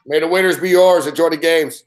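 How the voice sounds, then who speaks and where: A man's voice: on the high side, steady tone, brisk. A man hosting a casual sports betting show, talking through picks in an easygoing way and reacting to live games. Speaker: show host.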